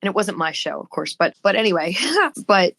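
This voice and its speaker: A woman's voice: on the low side, brisk, vocal fry. A woman co-hosting a podcast in casual chat, telling stories animatedly and acting out the people she quotes. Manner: animated storyteller who acts out quoted people. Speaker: podcast co-host.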